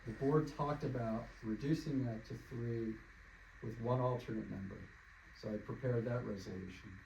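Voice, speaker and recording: A man who is a township official gives a measured, orderly walk-through of proposed resolutions for the board. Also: medium pitch, steady tone, creaky, darkish tone. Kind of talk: formal procedural explanation. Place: township meeting room. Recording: echoey meeting room, faint noise.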